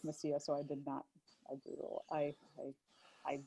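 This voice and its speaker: A Canadian woman co-hosting a casual live-stream chat, relaxed and thinking out loud, swearing in jest. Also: low-pitched, measured pace, gravelly, husky, rough recording. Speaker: podcast co-host.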